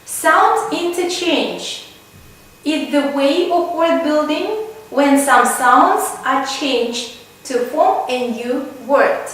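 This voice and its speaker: Brief: unhurried woman lecturer, high voice, in an echoey room far from the mic. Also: lively intonation, fairly bright tone. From Kazakhstan. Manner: slow, deliberate, lists examples one by one. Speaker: university lecturer. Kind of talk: slow recorded lecture.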